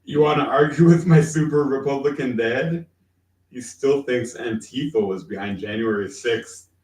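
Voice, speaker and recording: A man's voice: medium pitch, moderate pace, a little mellow. A man joining a casual chat as co-host, with dry, easygoing jokes. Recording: echoey, off-mic from a distance.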